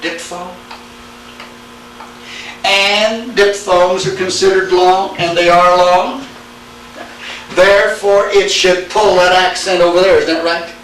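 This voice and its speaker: A man teaching a Greek class, lecturing slowly and quizzing his students as he goes. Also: high voice, steady tone, fairly bright tone. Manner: slow, deliberate, asks the class questions. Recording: echoey room, speaker far from mic, faint hiss.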